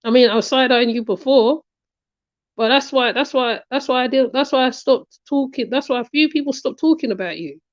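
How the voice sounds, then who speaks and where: A woman's voice: sits high, brisk, no echo. A woman giving casual reaction commentary, emphatic and repetitive, often checking in with "right?". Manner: emphatic, repeats her points, asks "right?" often. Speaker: commentary channel host. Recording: dry, slightly muffled lo-fi recording.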